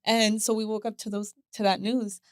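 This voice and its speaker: A woman's voice: mid-range voice, flat delivery, moderate pace, slight background noise. A woman guest on a podcast, openly telling a personal story in casual conversation and laughing now and then. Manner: open, storytelling with acted quotes and laughs.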